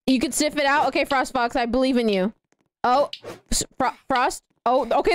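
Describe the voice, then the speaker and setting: Bubbly high-voiced young woman streamer. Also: moderate pace, no echo. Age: young adult. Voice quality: girlish, childlike voice. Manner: bubbly, giggly, excitable, reacting to chat and thanking donors. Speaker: live streamer. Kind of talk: casual livestream gaming chatter.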